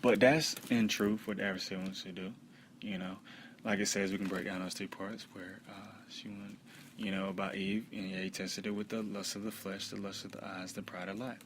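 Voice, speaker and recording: A man teaching from the bible in a conversational way, with many fillers, reading scripture slowly and loudly. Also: low-pitched, level tone, a little hiss or hum.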